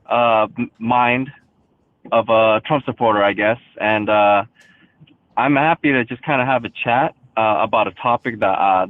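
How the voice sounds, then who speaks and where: A man calls in over a tinny, narrow phone line. He talks at an average pitch and feels his way forward, with frequent ums and uhs and restarted phrases. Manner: hesitant, many ums and uhs. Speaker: caller.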